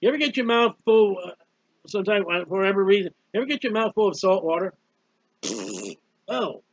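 Scolding high-voiced preacher man. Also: very animated, a little fast, no room sound. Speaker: street preacher. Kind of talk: fiery sermon. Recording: dull, dry lo-fi recording.

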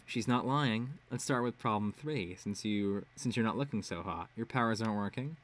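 A man's voice: lowish voice, normal speed, lightly acted. A man voicing a smug, mocking teenage girl villain in a read-aloud web serial. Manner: teasing, mocking.

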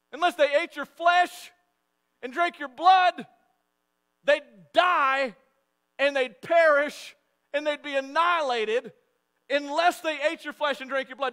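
A preacher acting out a shrill, alarmed deacon. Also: male voice, pushed and bright, full character voice. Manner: shrill, incredulous questioning. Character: alarmed male church deacon, indignant.

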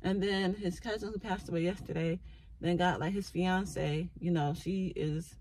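A woman's voice: fairly low pitch, fairly even intonation, moderate pace, a little mellow, poor audio. A mother talking earnestly about faith and family, with a preachy, heartfelt way of speaking. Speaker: mother sharing faith thoughts. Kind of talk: casual spoken reflection.

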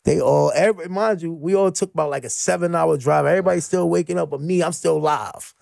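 A middle-aged man, a podcast guest, telling road stories in an animated way, laughing and switching into the voices of the people he quotes. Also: on the high side, fast, vocal fry, dry recording, studio quality. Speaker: podcast guest, former streetball player. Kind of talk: animated storytelling.

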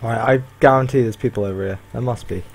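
A man's voice: medium pitch, fast. Ranting young man commentating gameplay. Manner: frustrated, ranting and swearing at lag. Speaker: gaming channel host.

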